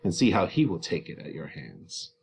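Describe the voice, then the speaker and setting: A cold, curt noblewoman answers her daughter with cutting words, voiced by a man reading a play aloud. The voice drops low and quiet. Her manner is clipped and unsympathetic. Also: big pitch swings, normal speed, creaky, slight background noise, exaggerated voice. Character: cold, harsh noble mother.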